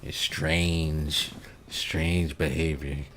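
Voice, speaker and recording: A man with a bass voice livestreams a game, speaking very slowly and flatly. Laid-back and rambling, he chuckles often while reading out and chatting about viewer comments.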